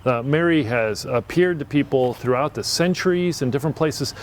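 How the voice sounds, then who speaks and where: A man's voice: mid-range voice, moderate pace, a little hiss or hum. A man who is a priest, talking in an earnest, reflective way in a casual conversation and often restarting his sentences.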